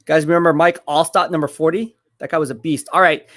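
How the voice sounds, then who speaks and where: Excitable high-voiced man streaming football. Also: fairly quick. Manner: excitable, hypes and repeats his points. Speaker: live stream host. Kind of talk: live football watch-party commentary.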